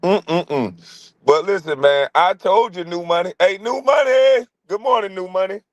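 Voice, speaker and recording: A fairly high-voiced man with a brash, teasing way of talking, ribbing his targets and jumping into shouted squeaky impressions. His voice is close and dry, with no room around it. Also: unhurried, dry recording. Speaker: livestream host. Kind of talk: casual live-stream commentary.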